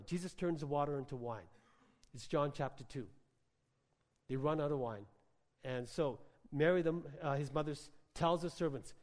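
A man preaching a sermon in a church hall, talking quickly and emphatically and pausing for rhetorical questions to the congregation. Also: a little high, a little mellow. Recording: long hall reverb.

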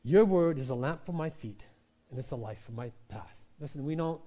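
A man preaching a sermon in a church, animated and conversational, rising to loud emphatic peaks and dropping to quiet asides, often checking in with "right?". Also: mid-range voice, moderate pace. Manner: conversational, asks the congregation "right?". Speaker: pastor.

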